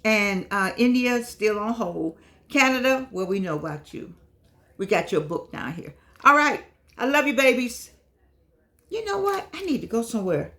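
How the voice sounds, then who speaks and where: An older woman chatting casually to her viewers in a vlog, lively and affectionate, wandering from one aside to the next. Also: fairly high pitch, moderate pace. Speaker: vlogger.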